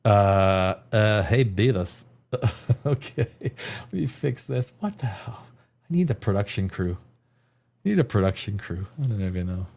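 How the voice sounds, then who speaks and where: A man's voice: fairly low pitch, lively intonation, unhurried, a little mellow. A man hosting a live stream show, chatting casually at his desk, rambling and sarcastic, swearing now and then and mocking others in put-on voices. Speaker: podcast host. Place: home room, sitting at a desk chair.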